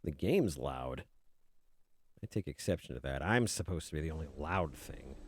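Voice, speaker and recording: A man streaming video games, chatting casually and mocking himself while he mutters at his software. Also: a bass voice, expressive, normal speed, slightly rough. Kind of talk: casual game stream chat.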